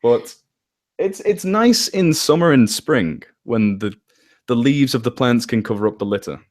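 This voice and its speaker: A man's voice: mid-range voice, lively intonation, a little slow, a little mellow. Chatty man with a northwest English accent. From England. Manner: chatty, rambling, self-correcting. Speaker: interview guest, story narrator. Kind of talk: casual chat.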